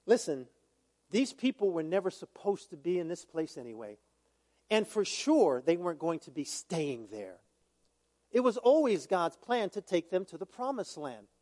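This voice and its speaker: High-voiced preacher in a reverberant hall. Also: male voice, sing-song, moderate pace, darkish tone. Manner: conversational preaching with asides and humor. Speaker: pastor. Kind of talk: sermon.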